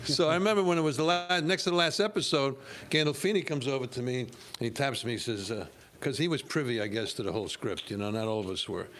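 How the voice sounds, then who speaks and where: An older man, an actor guest, calmly recalling old times and chuckling now and then. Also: mid-range voice, quick pace, few pauses. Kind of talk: casual reminiscing.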